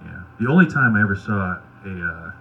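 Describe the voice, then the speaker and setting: A man's voice: low-pitched, a little fast, creaky, slight background noise. Lo-fi wry stand-up man. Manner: wry, deadpan anecdotes with crude asides. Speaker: stand-up comedian. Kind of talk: stand-up storytelling at an open mic.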